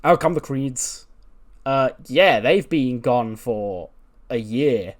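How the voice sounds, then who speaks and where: A man's voice: medium pitch, animated, slow pace. A man casually narrating his wrestling management game playthrough, rambling with lots of fillers. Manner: rambling, filler-heavy, chuckling. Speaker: let's-play host.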